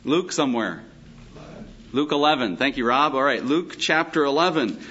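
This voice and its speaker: Pastor reading scripture, dull recording. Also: male voice, mid-range voice, expressive, sharp tone. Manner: reads scripture slowly, then adds emphatic asides. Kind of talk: Bible teaching sermon.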